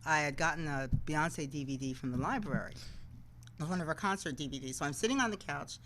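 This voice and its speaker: Brief: woman, TV anchor guest, lowish pitch, animated anecdotes, acts out quoted lines. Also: brisk, noisy background. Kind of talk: casual interview storytelling.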